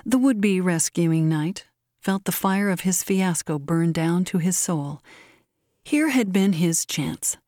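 A woman narrating a short story for an audiobook in a measured, expressive way. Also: on the low side, no room sound, clean studio sound.

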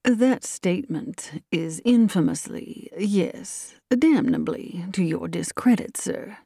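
Woman reading a slow, courtly old colonel. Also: fairly low pitch, gravelly, mellow, no room sound, studio quality. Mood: bland courtesy. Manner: slow, measured, politely grave. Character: courtly older male Southern colonel lawyer, bland and deliberate.

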